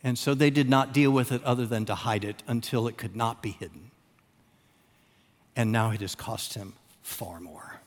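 Preacher man in an echoing hall. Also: medium pitch. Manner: dramatic, repeats phrases with long pauses, swings from loud emphasis to hushed. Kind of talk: sermon. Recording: long reverb of a large hall.

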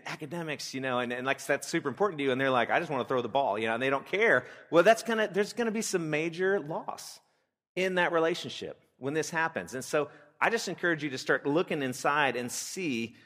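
A man's voice: medium pitch, fairly bright tone. A man in his forties, a pastor teaching parents, who talks candidly and conversationally and asks his listeners rhetorical questions. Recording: long reverb of a church hall.

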